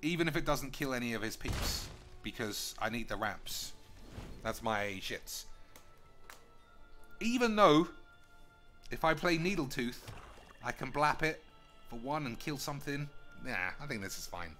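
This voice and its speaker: Bright-voiced London man streaming, swearing. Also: mid-range voice, expressive, a little slow, pauses often, faint music behind. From United Kingdom. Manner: joking, swears freely, thinks aloud. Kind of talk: casual gameplay commentary.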